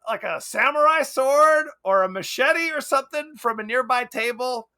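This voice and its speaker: A man's voice: very high voice, normal speed, sharp tone. A man co-hosting a podcast, chatting casually and animatedly about a movie, often laughing and acting out lines. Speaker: podcast co-host.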